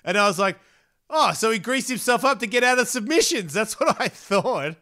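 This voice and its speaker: Animated, crude-talking male podcast host. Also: high voice, moderate pace. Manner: crude, animated storytelling with acted-out quotes. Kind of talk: casual chat.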